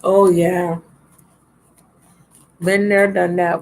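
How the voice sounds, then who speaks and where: A woman's voice: fairly low pitch, level tone, slow pace, pauses often, slight background noise, poor audio. A woman giving a casual live tarot reading, chatty and affectionate with viewers, a little drowsy, recorded on a laptop mic. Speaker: tarot reader. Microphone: laptop microphone.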